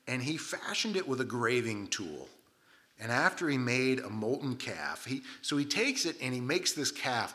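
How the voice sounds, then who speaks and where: Guy preaching, jokey storytelling, pitch jumps all over, bright ringing voice. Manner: lively storytelling with comic asides and voiced quotes. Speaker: pastor. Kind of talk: sermon.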